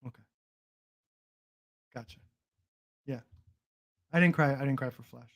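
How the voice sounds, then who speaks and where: A man's voice: mid-range voice, unhurried, dull audio. A young man hosting a casual livestream chat about movies, rambling with frequent restarts and swearing. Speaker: stream host.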